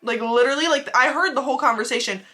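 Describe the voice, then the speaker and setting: Chatty, bright-voiced young woman. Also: high voice, quick pace. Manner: chatty, rambling, heavy use of "like". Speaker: YouTuber. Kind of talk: casual storytime vlog.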